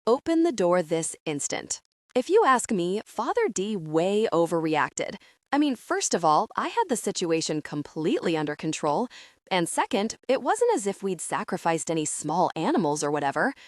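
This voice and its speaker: A woman's voice: fairly low pitch, very animated, moderate pace, no room sound, clean studio sound. A woman narrating an audiobook in first person, with a wry, sardonic storytelling manner.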